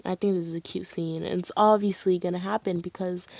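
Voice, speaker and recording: A woman streaming live, chatting casually and excitedly as a fan, with lots of "like" and "um". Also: fairly low pitch, fairly quick, gravelly, hardly any pauses, no room sound, clean studio sound. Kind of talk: casual chat.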